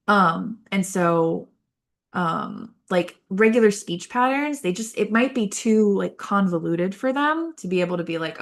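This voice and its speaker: Chatty woman with a creaky voice. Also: on the low side. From Baltimore. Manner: chatty, many fillers and tangents. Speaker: podcast host, speech therapist. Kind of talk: casual educational talk.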